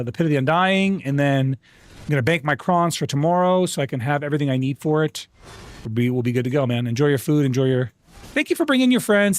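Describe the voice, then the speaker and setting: A man streaming a game live, chatting casually and greeting viewers by name, with frequent restarts. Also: no echo. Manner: rambling restarts, animated jumps in pitch. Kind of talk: casual live-stream chat while gaming.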